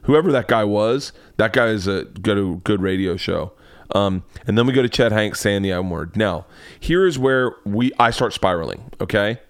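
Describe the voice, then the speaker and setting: A man's voice: fairly low pitch, expressive, normal speed, dry recording. A man, a comedian and podcast host, rambling through stories in a loose, profane monologue with lots of self-interruptions. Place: home man cave.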